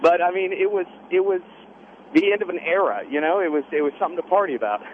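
A young male caller, an Air Force veteran, talks on a slightly dull phone line. He is polite and deferential, and his voice sits fairly high. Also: fast, a little hiss or hum. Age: young adult. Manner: polite, deferential, says sir. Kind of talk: phone-in talk.

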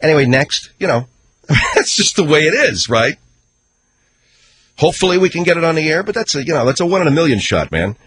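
A man hosting a talk radio show, giving opinionated commentary in a ranting, sarcastic way. He swings between loud outbursts and low mutters. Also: very animated, brisk, long pauses, slight background noise.

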